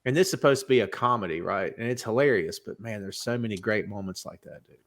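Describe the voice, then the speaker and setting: Man, from the US, casual podcast chat, animated, voice leaps up when excited. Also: fairly low pitch, fast talker. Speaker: podcast co-host.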